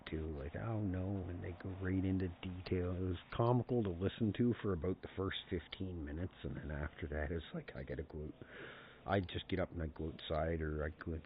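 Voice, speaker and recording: A man from Canada telling rambling family stories on a casual game stream, chuckling often. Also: sits low. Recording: tinny phone-like sound, faint noise.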